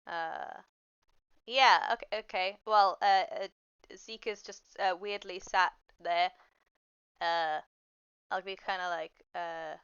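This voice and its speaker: A woman playing in a tabletop role-playing session, her low voice smooth but gravelly, musing aloud with hesitant fillers. The sound is dry and dull, as from a lo-fi mic with no room around it. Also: steady tone, slow pace, long pauses, a bit bright, dry recording. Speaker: player. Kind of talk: casual tabletop play.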